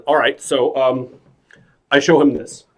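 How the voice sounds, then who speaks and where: A man from New York telling a stand-up story in a hesitant, deadpan way over a video call. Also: medium pitch, a little slow. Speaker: stand-up comedian. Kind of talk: stand-up comedy set.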